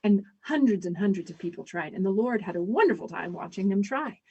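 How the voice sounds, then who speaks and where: Woman storyteller, measured delivery, dramatic pauses, mellow, husky. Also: medium pitch, expressive, dull audio. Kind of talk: live storytelling performance.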